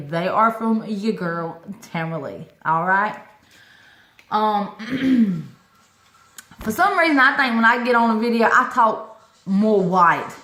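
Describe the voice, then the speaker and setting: A woman vlogger shows off her orchid collection in a casual chat, exclaiming often and calling her viewers y'all. Her medium-pitched voice is a bit bright, and the room is echoey.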